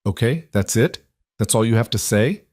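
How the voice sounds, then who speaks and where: A guarded, driven woman CEO, read by a man in a fairly low voice, pours out her fears in an earnest, confessional way. The story sounds read aloud, recorded close and dry with no room sound. Her words come anxious and searching. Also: lively intonation, normal speed, a little mellow, no echo. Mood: rueful. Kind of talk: audiobook-style story reading.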